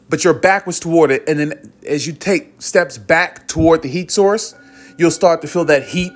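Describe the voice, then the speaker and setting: A man hosting a podcast, giving a rambling, earnest spiritual monologue and chuckling between phrases. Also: fairly high pitch. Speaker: podcast host.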